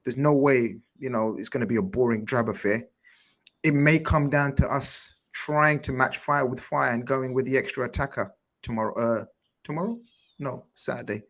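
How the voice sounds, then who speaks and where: A man co-hosting a football podcast, laying out his view in a measured way and pushing back with teasing retorts. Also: mid-range voice, a bit bright. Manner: measured explaining, then teasing pushback. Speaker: podcast co-host. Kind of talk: casual football chat.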